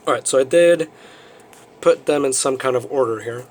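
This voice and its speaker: A man's voice: medium pitch, moderate pace, darkish tone. A male teacher giving a recorded vocabulary review lesson, explaining words plainly and often checking in with students.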